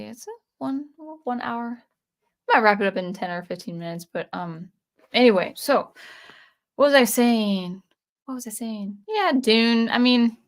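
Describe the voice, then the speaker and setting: Chatty woman streamer, rambling. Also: mid-range voice. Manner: rambling, with many fillers and restarts. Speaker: channel host on a livestream. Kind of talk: casual livestream chat reading viewer comments.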